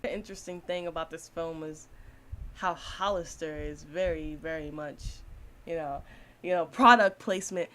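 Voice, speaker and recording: A woman's voice: deep voice, normal speed, fairly bright tone. A woman giving a casual, blunt spoken film review, swearing freely and laughing often.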